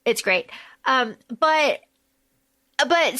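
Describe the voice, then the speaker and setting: A woman co-hosting a casual book-discussion podcast, recapping the plot in an animated, loose way with casual swearing. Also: on the high side, unhurried. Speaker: podcast co-host.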